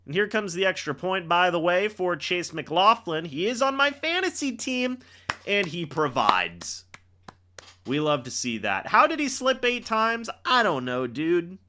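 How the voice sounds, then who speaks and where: Young guy live-streaming a football game reaction, kinda high voice, bouncing all over, yelling at players on big plays. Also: sing-song, measured pace. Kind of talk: excited live play-by-play reaction.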